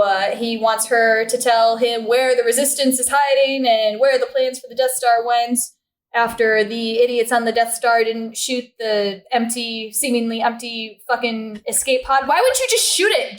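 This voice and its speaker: A woman's voice: fairly high pitch, normal speed. A woman co-hosting a podcast, chatting casually and animatedly, swearing and laughing as she retells scenes. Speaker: podcast co-host. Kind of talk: casual chat. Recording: roomy echo.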